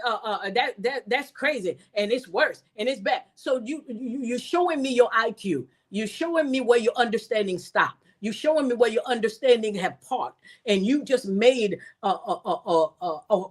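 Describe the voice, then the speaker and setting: A woman giving an animated, preacher-like talk, repeating words and jumping high in pitch when exasperated. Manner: preacher-like cadence, scripture references. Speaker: speaker and teacher. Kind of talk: reflective talk to an audience.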